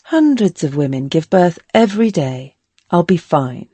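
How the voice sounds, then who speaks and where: A woman's voice: lowish voice, very animated, a little slow, warm tone, husky, no echo, full character voice. A woman voicing a determined, loving young former slave in a historical audiobook, earnest and reassuring.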